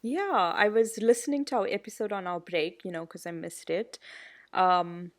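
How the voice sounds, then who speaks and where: A woman's voice: medium pitch, moderate pace. Chatty woman podcast co-host. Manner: chatty, animated storytelling. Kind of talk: casual chat.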